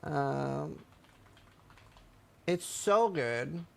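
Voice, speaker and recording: A man's voice: a little high, lively intonation, drawn-out words, creaky. Joking man chatting on a stream. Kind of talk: casual livestream chat.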